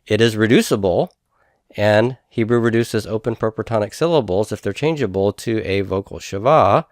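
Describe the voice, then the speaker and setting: A man teaching a grammar lesson, explaining step by step, sounding out syllables slowly and checking in with his students. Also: lowish voice, dry recording, clean studio sound. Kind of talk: recorded classroom lecture.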